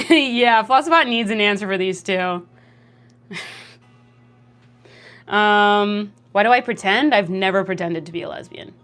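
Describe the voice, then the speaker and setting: A young adult woman livestreaming at home into a desk mic, chatting casually and reacting to chat comments in a lively, jokey way. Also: unhurried, long pauses, faint music behind. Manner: lively, jokey, reacts to chat with laughs and big pitch jumps. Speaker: streamer.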